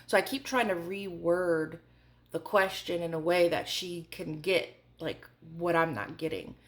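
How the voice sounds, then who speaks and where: A woman in her forties with a slightly low-pitched voice tells a personal story to camera. She talks in a chatty, candid way and fills her speech with small asides. It sounds like a casual storytime vlog. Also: measured pace. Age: 40s. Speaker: vlogger.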